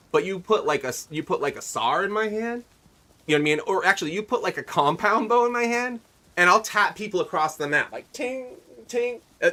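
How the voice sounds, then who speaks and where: Bright-voiced chatty male streamer. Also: mid-range voice. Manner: rambling, chatty, asks viewers questions. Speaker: livestreamer. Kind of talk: casual gaming commentary.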